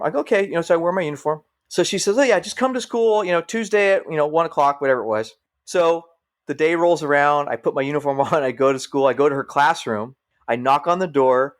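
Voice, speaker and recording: A man's voice: fairly high pitch, fast. A middle-aged man, a firefighter guest on a podcast, telling stories casually and acting out what people said. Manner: animated storyteller, acts out quoted voices. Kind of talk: casual storytelling.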